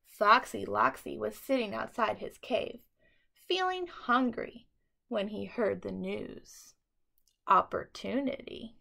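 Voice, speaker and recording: A woman teacher reading a bedtime story aloud to children in an expressive, dramatic way. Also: medium pitch, slow, gravelly.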